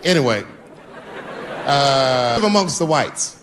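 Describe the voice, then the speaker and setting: A man doing stand-up, telling a long story and acting out the people in it, with a profane, animated delivery. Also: mid-range voice, slow, over a noisy crowd. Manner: animated, acts out characters, profane. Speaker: stand-up comedian. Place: comedy venue with live audience. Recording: live show recording with audience noise.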